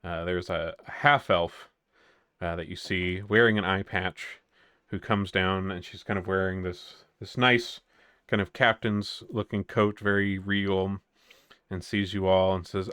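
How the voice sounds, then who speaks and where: A man narrating as game master of a tabletop game, relaxed and descriptive. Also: sits low, measured pace, smooth, no room sound, clean studio sound.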